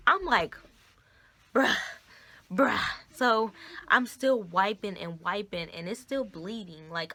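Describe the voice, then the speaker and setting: A woman talks slowly to her phone camera in a relaxed storytime vlog. Her voice is bright and clear-edged, and she keeps turning to her viewers with a chatty y'all and guys. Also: mid-range voice. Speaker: vlogger.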